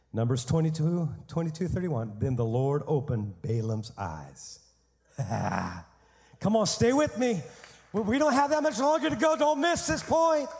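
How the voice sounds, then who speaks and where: A male pastor preaching a sermon, telling a story in an animated way with humor. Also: a little high, moderate pace, in a large hall.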